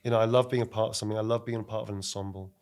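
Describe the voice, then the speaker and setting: A middle-aged man with a London accent, an actor and director chatting casually on a podcast, animated and laughing often. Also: fairly low pitch, racing.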